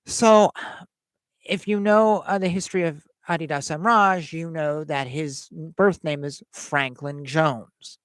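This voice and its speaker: A man's voice: on the high side, no echo. A man hosting a livestream, telling a personal story in a hesitant way, repeating words and acting out the voices of the people in it. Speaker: host.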